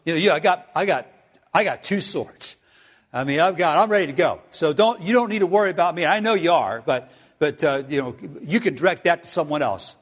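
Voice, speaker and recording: A man's voice: on the high side, lively intonation, brisk, long reverb tail, voice pushed down. A man voicing a brash, self-assured male disciple who talks in an offhand, boastful way. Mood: cocky.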